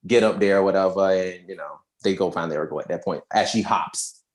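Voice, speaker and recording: A young adult woman co-hosting a podcast, casually retelling a movie plot in slangy, animated storytelling. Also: extremely low pitch, brisk. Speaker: podcast co-host. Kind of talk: casual movie recap chat.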